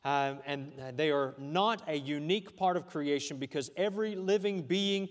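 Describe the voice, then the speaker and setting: A man's voice: a little high, normal speed, long reverb tail. A man with a Texan accent preaching a sermon as pastor, talking conversationally with frequent fillers and restarts.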